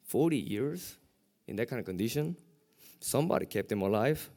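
A middle-aged man, a pastor, preaching a sermon with lively rhetorical questions. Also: mid-range voice, normal speed, pauses often.

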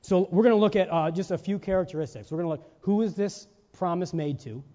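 Male preacher, high mellow voice, sermon with emphatic rhetorical questions, long church-hall reverb, dull lo-fi recording. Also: fast. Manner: rhetorical questions and checks with listeners; emphatic, stressing single words.

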